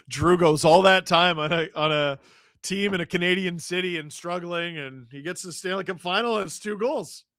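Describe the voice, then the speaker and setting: A man hosting a live stream, reading viewer chat with jokes and shouting play-by-play when a goal goes in. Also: high voice, moderate pace, no echo, clean studio sound. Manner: joking, excitable, shouts on goals. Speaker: livestream host reading chat. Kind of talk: casual live watch-along chat and play-by-play.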